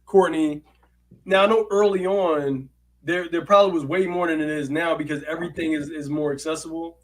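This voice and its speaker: Playful high-voiced man co-host. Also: fairly even intonation, a little fast, poor audio. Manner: playful, hyped, laughs often. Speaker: podcast co-host. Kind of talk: casual chat.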